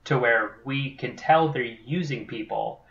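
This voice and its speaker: A man co-hosting a casual movie podcast, trading wry, quick quips. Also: mid-range voice, gravelly, a bit bright, dull audio. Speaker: podcast co-host.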